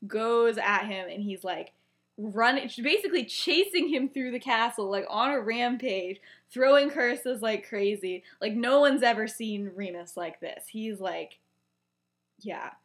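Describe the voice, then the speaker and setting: A woman podcast co-host casually retelling a story, chatty and full of fillers, rising into animated bursts. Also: a little high, unhurried.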